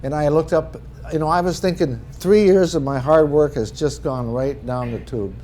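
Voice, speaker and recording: A man's voice: on the high side, moderate pace, dark tone, slight background noise. Folksy man telling a funny story. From northern Minnesota. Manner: folksy, humorous anecdotes. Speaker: author giving a talk. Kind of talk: storytelling presentation.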